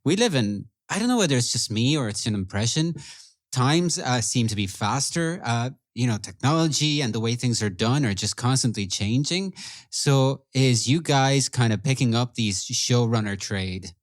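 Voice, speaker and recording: A man's voice: medium pitch, lively intonation, moderate pace. A man, raised in Ireland, hosting a panel conversation with chatty, joking, rambling questions. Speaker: host, interviewer.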